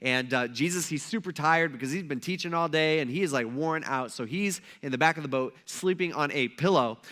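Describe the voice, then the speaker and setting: Man, pastor, bright forceful voice, slightly high pitch, casual storytelling sermon. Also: brisk. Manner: casual, animated storytelling with acted-out quotes. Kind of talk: conversational sermon.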